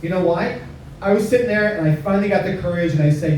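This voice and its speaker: A man's voice: high-pitched, fast, darkish tone, dull audio, a little hiss or hum. A man performing a stand-up comedy set, self-deprecating and chatty, with frequent asides to the crowd. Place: comedy club stage. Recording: echoey club room, mic at a distance.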